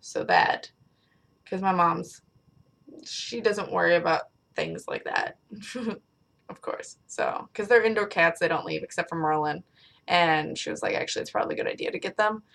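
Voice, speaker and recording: Young woman vlogger, rambly and casual, a touch low-pitched, talking into a webcam in a small bedroom. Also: fairly bright tone. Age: young adult. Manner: rambling, chatty, swears casually. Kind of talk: casual chat to camera.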